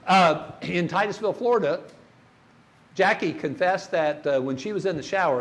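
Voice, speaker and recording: Older man, church workshop speaker, folksy storyteller, slightly high voice. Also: lively intonation, moderate pace, a bit bright. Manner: folksy storytelling, asks the audience questions.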